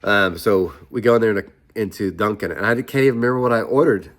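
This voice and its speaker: A middle-aged man chats to his viewers in a loose, rambling way. His voice sits low and deep. He drifts from one aside to the next like he's talking with a friend. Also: fast talker. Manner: rambling, chatty storytelling with asides. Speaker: vlogger. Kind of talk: casual chat.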